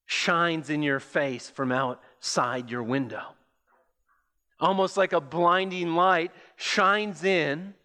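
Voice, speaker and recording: A male pastor with a high voice delivers his sermon at an unhurried pace, building an imagined story with careful pauses. His words ring out through a sanctuary with long, lingering reverb. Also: sharp tone. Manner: slow, deliberate storytelling with pauses.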